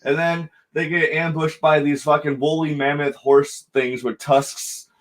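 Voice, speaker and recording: A man's voice: a little high, flat delivery, measured pace. A man recapping a film in casual podcast chat, swearing constantly and retelling scenes with quoted lines. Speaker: podcast co-host.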